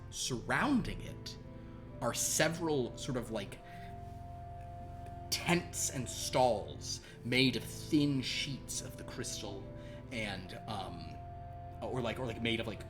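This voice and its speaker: A man narrating a tabletop game as game master, rambling and playful. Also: medium pitch. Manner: rambling, self-interrupting, playful.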